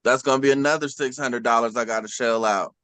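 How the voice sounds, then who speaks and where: A man's voice: mid-range voice, steady tone, fast talker, fairly bright tone, smooth, no echo. A man talking as a guest on a casual panel chat, laid-back and joking easily. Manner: laid-back, chuckles and joshes often.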